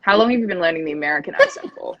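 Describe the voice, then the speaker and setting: A woman's voice: on the low side, lively intonation, fairly bright tone, dry recording, highs cut off. A young woman with an Australian accent, chatting with enthusiasm on a phone live stream. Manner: enthusiastic, quick to laugh. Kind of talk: casual chat. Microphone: phone on a video live stream.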